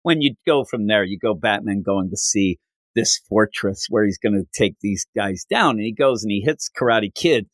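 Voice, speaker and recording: A man's voice: fairly low pitch, moderate pace, dry recording. A man co-hosting a podcast, chatting casually about comics and acting out the characters' lines as he retells the story. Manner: animated, acts out characters' lines while retelling. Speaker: podcast co-host. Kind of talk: casual comic book discussion.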